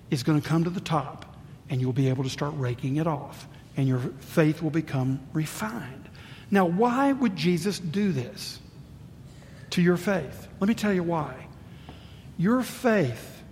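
An older man preaching a sermon as pastor, swinging between booming emphasis and hushed asides. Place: church sanctuary. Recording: reverberant church hall, faint rumble.

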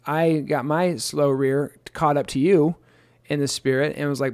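A man's voice: on the high side, steady tone, unhurried, darkish tone, dry recording. A man in his thirties co-hosting a casual scripture chat, telling stories about his marriage with self-deprecating humor and playful quoted voices. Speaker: pastor and co-host.

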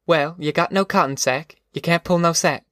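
A man voicing a weary, determined migrant farm mother who gives brisk orders. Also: fairly high pitch, a bit bright, no room sound, studio quality, voice pushed up, lightly acted. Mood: brisk, commanding. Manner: brisk, commanding.

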